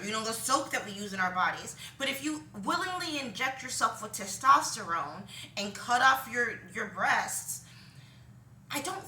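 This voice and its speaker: Rambling woman with a bright, roomy sound. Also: a little high, a little hiss or hum. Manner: rambling, frequent ums, laughs at herself. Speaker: vlogger. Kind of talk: casual opinion monologue. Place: home room with laundry behind her. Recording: roomy, distant from the mic.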